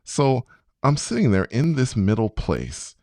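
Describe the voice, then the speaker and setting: A man in his fifties, a podcast guest telling a personal story in an animated way and acting out his own past reactions. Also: medium pitch, a little slow, dry recording, studio quality. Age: 50s.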